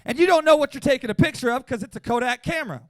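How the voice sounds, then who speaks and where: A man in his forties doing a profane stand-up routine at a small comedy venue, brash and loud, often breaking into shouts. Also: very high-pitched, rapid-fire, dry recording.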